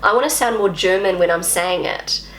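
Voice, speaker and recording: A woman's voice: mid-range voice, moderate pace, a bit bright. Brief: chatty woman vlogger, native English speaker, self-mocking, in a roomy space. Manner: self-deprecating, chatty, repeats words while practising. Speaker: language vlogger. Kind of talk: casual talk to camera.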